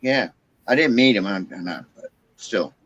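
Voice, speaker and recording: A man's voice: fairly low pitch, animated, normal speed, fairly bright tone, no echo, muffled recording. A man from Virginia chatting casually on a late-night stream, blunt and swearing, telling stories. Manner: blunt, storytelling, mimics accents.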